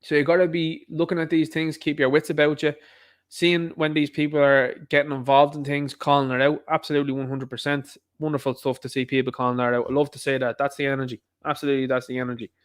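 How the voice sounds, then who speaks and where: A man hosts his own livestream in a loose, rambling talk. He keeps circling back to the same asides, and his voice sits a touch higher than most men's. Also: flat delivery, quick pace. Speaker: livestream host. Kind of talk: casual livestream commentary.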